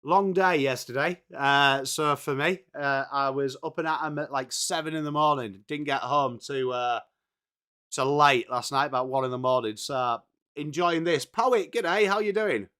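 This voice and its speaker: A young English man hosting a live football watchalong, chatting with viewers by name and reading team lists, his voice slightly hoarse. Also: mid-range voice, normal speed, bright, forceful tone. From England. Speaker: watchalong host. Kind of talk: casual live stream chat.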